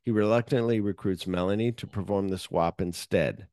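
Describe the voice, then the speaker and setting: A man's voice: low voice, moderate pace, no echo, clean studio sound. A man hosting a podcast, casually recapping a film plot with lots of fillers and offhand swearing. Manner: animated retelling, mixing read plot summary with offhand asides. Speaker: podcast host. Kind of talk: casual movie recap chat.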